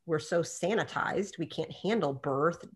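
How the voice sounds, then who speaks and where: A woman with a somewhat low voice tells a story in a relaxed interview. She acts out the quotes in lively bursts and laughs often as she talks. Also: a little slow. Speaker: doctor and podcast guest.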